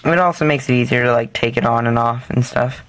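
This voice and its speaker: A man's voice: medium pitch, fairly quick, fairly bright tone. A man hosting a casual step-by-step craft tutorial, talking loosely with lots of fillers and self-corrections, and dropping jokey, self-deprecating asides.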